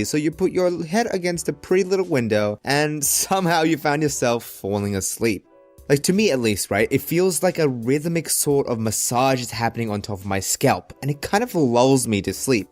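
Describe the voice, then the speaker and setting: A man with an Australian accent telling a humorous animated story in an expressive, jokey way that bursts into exasperated rants. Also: medium pitch, brisk, soft background music.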